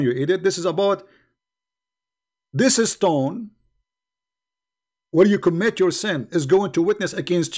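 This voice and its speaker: A high, darkish voice belongs to a middle-aged man running a livestream debate. He mocks and attacks, repeating his arguments to press them in polemical commentary.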